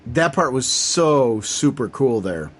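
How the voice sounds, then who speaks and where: Podcast co-host, man, middle voice, excitable, retells scenes with gusto. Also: mid-range voice, takes it slowly. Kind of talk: casual comics discussion.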